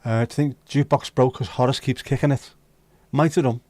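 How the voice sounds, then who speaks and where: A man's voice: mid-range voice, fairly even intonation, fairly quick, a little mellow, dry recording. Jokey man chatting with viewers. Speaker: livestream host. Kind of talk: casual chat with viewers.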